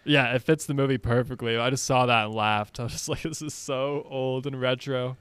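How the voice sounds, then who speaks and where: Smooth-voiced man chatting casually. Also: mid-range voice, fairly even intonation, brisk, a bit bright, no room sound. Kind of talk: casual movie chat.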